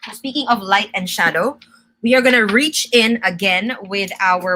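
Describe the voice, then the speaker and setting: A slight hiss or hum sits under the recording of this young makeup brand host, whose medium-pitched voice is bright and forceful at a moderate pace. On her live-stream tutorial she explains every step in a chatty, instructive way and answers comments from viewers.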